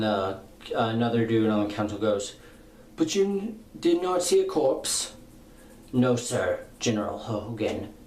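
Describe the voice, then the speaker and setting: A young man with a lowish voice gives a casual, rambling spoken review of a comic book, paraphrasing its dialogue in slang and using lots of fillers. He was recorded in an echoey room with faint ambience and slight background noise.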